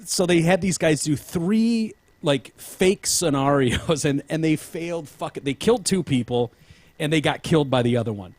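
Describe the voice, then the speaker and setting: A man's voice: fairly high pitch, animated, moderate pace, darkish tone, no echo. Man with a dry, rambling manner. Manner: rambling with frequent restarts and swearing. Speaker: podcast host. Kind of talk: casual chat.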